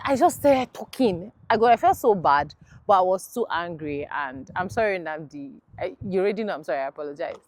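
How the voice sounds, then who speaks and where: A young woman telling a camp story in an animated way, shifting between heated and apologetic. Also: medium pitch, a little hiss or hum. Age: young adult. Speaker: platoon executive, interviewee. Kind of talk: casual storytelling.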